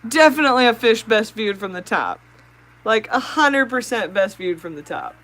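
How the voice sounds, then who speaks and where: An excitable woman hosts a live stream, chatting with her viewers and talking to her fish. Her voice sits a little high. She talks casually and eagerly, as if to friends. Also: normal speed, rough recording.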